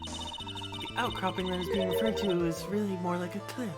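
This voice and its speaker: A woman voicing a confident young female defense attorney, reading her arguments firmly over loud game music. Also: lowish voice, steady tone, moderate pace, voice pushed up, close to an everyday voice. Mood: pressing.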